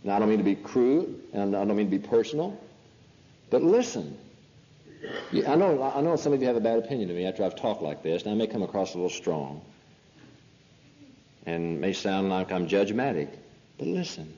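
Male preacher, mellow voice, pressing rhetorical questions; dull old recording in a reverberant hall. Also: on the low side, sing-song, a little fast, pauses often. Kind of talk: sermon.

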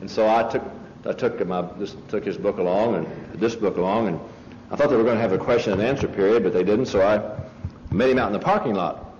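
A man's voice: on the low side, brisk, darkish tone, roomy sound. A man lecturing in a conversational sermon style, telling anecdotes emphatically with many restarts and asides to his listeners. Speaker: preacher lecturing on a religious movement. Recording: dull lo-fi tape with faint hiss.

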